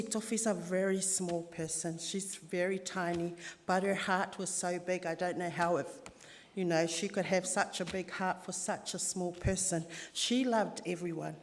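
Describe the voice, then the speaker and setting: A woman giving an emotional funeral eulogy, pausing and switching between Samoan and English. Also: medium pitch. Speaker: family member giving a eulogy. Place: church hall. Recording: long echo of a large church hall.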